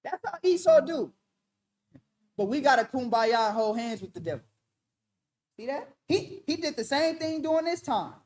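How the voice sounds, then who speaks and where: A woman leading a Bible study, preaching in an emphatic, loud and vernacular style and calling out to the room. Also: sits high, lively intonation, moderate pace, pauses often, slight background noise. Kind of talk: animated street-style preaching.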